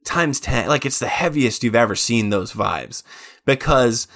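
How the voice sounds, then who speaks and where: A man in his thirties co-hosting a casual podcast, his voice sitting at an ordinary middle pitch. He rambles through his stories and keeps acting out quotes from other people. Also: unhurried. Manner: rambling, animated storytelling with quoted asides. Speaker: podcast co-host. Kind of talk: casual chat.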